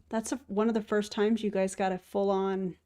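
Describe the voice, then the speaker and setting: A woman's voice: medium pitch, flat delivery, a little slow, mellow. Woman host, casual stream chat, mid-range voice, affectionate cooing. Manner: chatty, often coos to her cat.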